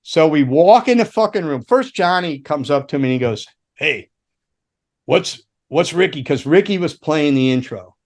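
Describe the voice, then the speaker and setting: A middle-aged man, a former roadie and guitar tech, telling long rambling stories in casual chat, swearing often and laughing along, jumping into sudden high voices to act out the people in them. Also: lively intonation, normal speed, hardly any pauses, a little mellow. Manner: rambling, profane, laughs through his stories.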